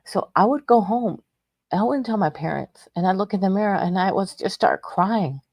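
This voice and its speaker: This middle-aged woman from Texas, United States, a radio show host, tells a personal story in a rambling, emotional manner and often begins her sentences again. She speaks at a normal speed in an expressive, medium-pitched voice that's a little mellow. There's no echo.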